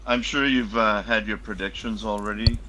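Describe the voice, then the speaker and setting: A man chatting casually on a podcast, starting haltingly with repeated words before speaking with energy. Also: fairly low pitch, a crowd in the background, rough recording. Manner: hesitant starts, then animated. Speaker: podcast guest, former customs officer.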